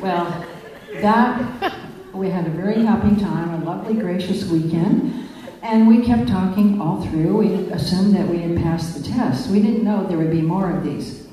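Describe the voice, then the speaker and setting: Dark-voiced woman telling a story. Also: on the low side, normal speed, slight background noise. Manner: vivid storytelling with acted dialogue. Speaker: speaker. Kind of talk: storytelling talk. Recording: echoey hall from far off.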